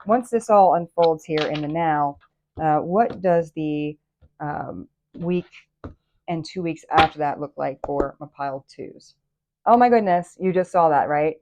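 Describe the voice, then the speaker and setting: Female tarot host, low-ish voice, chatty and easily excited, rambling delivery. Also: noisy background. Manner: excitable, enthusiastic, chatty with many fillers and restarts. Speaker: tarot reader and channel host. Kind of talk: casual tarot reading to camera.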